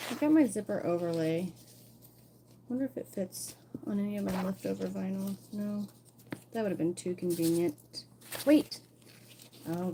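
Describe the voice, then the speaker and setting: Amid background noise, a woman with a mid-range voice leads a casual sewalong tutorial as a sewing instructor. She chats and thinks aloud while planning and cutting her fabric pieces.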